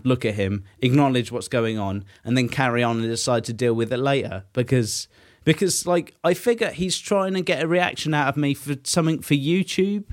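A young man chats casually on a podcast, winding through a story with plenty of fillers and the odd swear. His voice sits at an ordinary mid pitch, and his tone is loose and conversational. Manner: rambling anecdote full of fillers and swearing. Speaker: podcast co-host. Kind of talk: casual chat.

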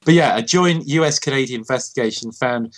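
A man's voice: mid-range voice, fairly quick. A young man co-hosting a casual comedic chat, who rambles through stories with lots of fillers and keeps breaking into laughter. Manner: giggly, rambling with many fillers. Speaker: podcast co-host.

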